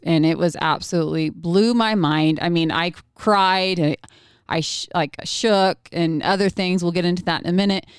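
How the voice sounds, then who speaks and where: Woman podcast host, kinda low voice, smooth, just rambles along chatting. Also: dry recording, studio quality. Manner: chatty, rambling, laughs often. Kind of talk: casual podcast chat.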